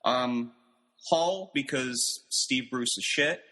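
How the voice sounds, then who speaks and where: A man's voice: medium pitch, slow pace, sharp tone, in a large hall. An American man calling in by video to a podcast, bluntly dismissing others' picks in casual sports banter. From United States. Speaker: podcast panelist. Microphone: video call.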